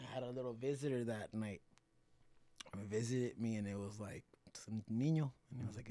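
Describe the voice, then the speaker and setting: A candid man appears as a podcast guest, telling casual stories in an animated way, switching between English and Spanish and swearing freely. His mid-range voice moves fairly quickly, recorded on a dry close mic with no echo.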